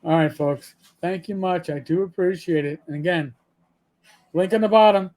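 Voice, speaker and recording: A man's voice: high voice, normal speed, a little mellow. Worked-up man ranting on his podcast. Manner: profane, repeats himself when angry; stammering restarts. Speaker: channel host. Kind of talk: heated podcast rant.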